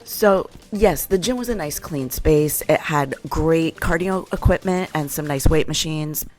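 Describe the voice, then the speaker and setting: A woman's voice: sits low, measured pace, a little mellow. A woman hosting a casual travel vlog, chatty and frank, complaining with humor. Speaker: vlog host. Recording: music playing underneath.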